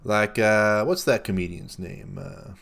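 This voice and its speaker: A man's voice: lowish voice, a little slow, vocal fry, a bit bright, heavily acted. A man playing a bumbling young country singer who is a guest on a comedy talk show. He rambles, trails off and fills his speech with uh and you know. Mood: earnest. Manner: rambling, full of fillers and trailing off. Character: bumbling young male country-singer son, earnest and defensive. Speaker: guest musician.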